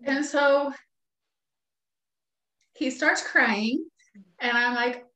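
A woman's voice: sits high, steady tone, drawn-out words, long pauses, bright, forceful tone. A woman in her forties, a guest, telling a personal story earnestly and animatedly. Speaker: guest, author and mother. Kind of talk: conversational storytelling. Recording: roomy echo.

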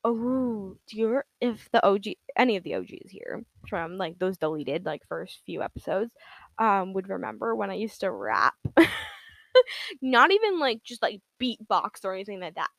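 A young woman talks alone into her podcast mic in a loose, wandering monologue. She giggles often and fills her sentences with "like" and "um." Her voice sits at an ordinary middle pitch, and the sound is close and dry with no room echo. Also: sing-song, moderate pace, creaky. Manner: rambling and giggly, full of "like" and "um". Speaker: podcast host. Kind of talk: casual solo podcast monologue.

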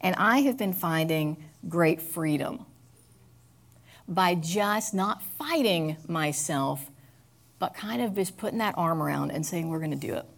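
A woman giving an earnest, confessional personal talk, halting with frequent fillers. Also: on the low side, vocal fry. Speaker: speaker.

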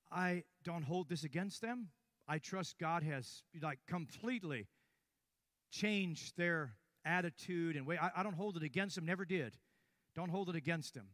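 Older man, preacher, storytelling sermon, quiet then sudden loud, slightly high voice. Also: no room sound, clean studio sound. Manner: storytelling, swings from hushed to sudden loud bursts.

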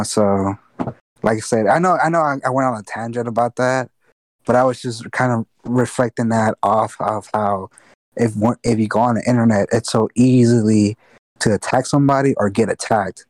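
A man's voice: mid-range voice, moderate pace, no room sound. Rambling, swearing man on a podcast. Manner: rambling, loses his train of thought, swears freely. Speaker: podcast co-host. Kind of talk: casual chat.

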